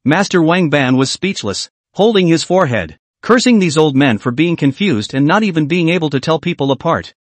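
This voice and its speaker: A man narrating a comic-style story recap in a lively storytelling manner, voicing each character himself. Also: fairly high pitch, fairly quick, few pauses, no room sound.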